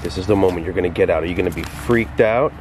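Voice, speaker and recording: A man's voice: deep voice, fast, darkish tone, a little hiss or hum. Playful man at an outdoor dog park. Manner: playful, teasing talk to his dog. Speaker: vlogger. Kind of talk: casual vlog narration.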